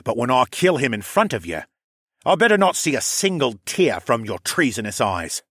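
A man's voice: mid-range voice, very animated, moderate pace, fairly bright tone, husky, no room sound, studio quality. A man voicing a cold, commanding young male noble who speaks in clipped, authoritative lines. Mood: menacing.

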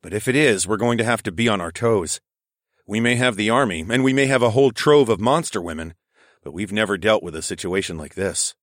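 A man narrating a first-person story in a calm, steady reading voice. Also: fairly low pitch, brisk, no room sound, studio quality. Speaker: audiobook narrator.

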